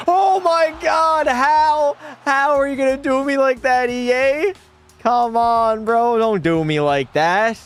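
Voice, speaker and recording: A young man streaming a hockey video game, chatting with his viewers and breaking into profane, shouted rants. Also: a little high. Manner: profane, talks to chat, erupts into shouting rants. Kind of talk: casual gaming livestream commentary.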